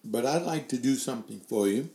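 Older male webcast host, warm and mellow, asks question after question, echoey room. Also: mid-range voice, expressive, brisk, gravelly. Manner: strings together rhetorical questions. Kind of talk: opinion commentary to a webcast audience. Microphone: desk microphone, later adjusted to sit further back.

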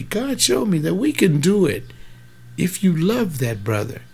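A man's voice: high voice, wildly swooping pitch, unhurried, vocal fry, a little mellow, slightly rough. A man in his seventies preaching in an informal, rambling way, fervent, with folksy asides and sudden bursts of emphasis. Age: 70s.

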